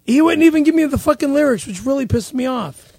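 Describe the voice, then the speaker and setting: Stammering apologetic man, gravelly. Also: very high-pitched, animated, quick pace, a little mellow. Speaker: podcast guest. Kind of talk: casual chat.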